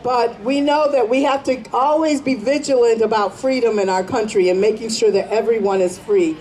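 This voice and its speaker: High-voiced woman telling a story. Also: moderate pace, low-quality recording. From United States. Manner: animated, shifts into character voices. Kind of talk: dramatic storytelling performance. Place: outdoor community celebration.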